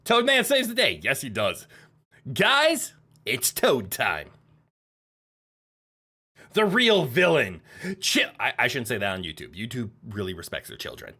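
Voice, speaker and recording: A woman's voice: very deep voice, wildly swooping pitch, measured pace, pauses often, bright, forceful tone, breathy edge. A woman streamer giving casual, playful commentary while playing a game, laughing often and swearing when things go wrong. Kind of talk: casual let's-play commentary.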